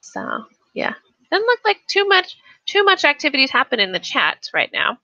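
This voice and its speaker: Chatty woman teacher, bright, dry sound. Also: high-pitched, wildly swooping pitch, moderate pace, creaky, no room sound, lo-fi sound. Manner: chatty, restarts often, reads chat aloud. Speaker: English teacher. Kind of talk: live-streamed casual lesson.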